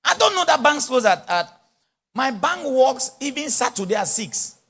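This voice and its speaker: A man's voice: very high-pitched, moderate pace, husky. A man preaching a sermon at a conference, speaking with an influence and acting out little dialogues. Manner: animated, mixes in pidgin English and acted-out dialogue. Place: large church or conference hall.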